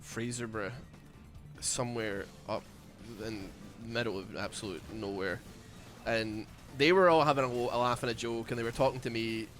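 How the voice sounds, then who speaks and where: Scottish guy streaming a game, bright edgy voice, rambly jokey chat, a bit of music underneath. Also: mid-range voice, moderate pace. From Scotland. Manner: rambling, jokey, thinks aloud with many restarts. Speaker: streamer playing a video game. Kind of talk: casual gameplay chat.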